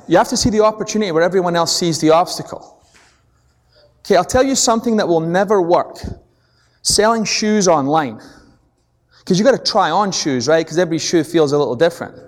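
Animated Scottish man giving a seminar. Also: sits high. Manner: animated storytelling, checks in with the audience. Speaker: seminar speaker. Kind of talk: business seminar talk. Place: large presentation hall. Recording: long echo of a large hall.

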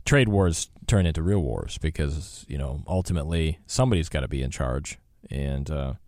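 A man's voice: rumbling low, moderate pace, no echo. A man hosting a live radio talk show in a studio, chatting casually with many fillers. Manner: relaxed, rambling, many fillers.

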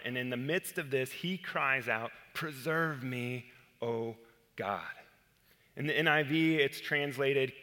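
A man preaching a sermon as a pastor, earnestly explaining scripture step by step and reading verses slowly. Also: mid-range voice, bright, forceful tone, long reverb tail.

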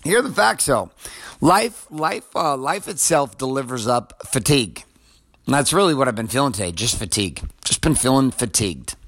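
A man's voice: medium pitch, big pitch swings, moderate pace, a bit bright. A man in his forties giving a casual motivational monologue, blunt and profane, talking straight to the listener. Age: 40s.

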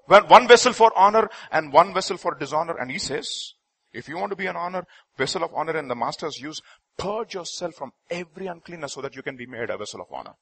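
A man preaching a sermon as pastor, dramatic, swinging from quiet asides to loud pleading and slowing to stress key lines. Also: sits high, creaky, breathy edge.

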